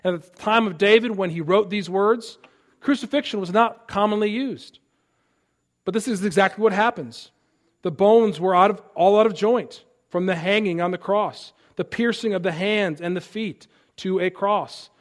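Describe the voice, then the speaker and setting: A male pastor preaching a sermon, reading scripture aloud and building earnest emphasis on key lines. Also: sits high.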